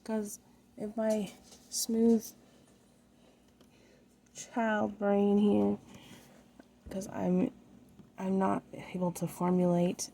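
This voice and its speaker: A woman's voice: mid-range voice, little pitch movement, drawn-out words, vocal fry, long pauses, warm tone. A middle-aged woman vlogging as she paints, rambling and hesitant, trailing off, sounding tired. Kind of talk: casual rambling chat while painting. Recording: noisy background ambience.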